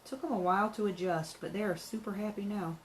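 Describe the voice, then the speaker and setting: Woman, mid-pitched voice, chatty craft vlogger talking to herself as she paints. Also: steady tone, fast, a little hiss or hum, low-quality recording. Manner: thinks aloud, musing and chatty. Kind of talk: casual painting narration.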